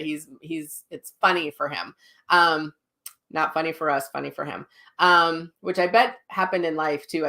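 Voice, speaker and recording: Soothing, hesitant woman giving psychic readings. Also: low-pitched. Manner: gentle, reassuring, with many ums and restarts; relays messages in quoted voices. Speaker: psychic medium host. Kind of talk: live-streamed readings.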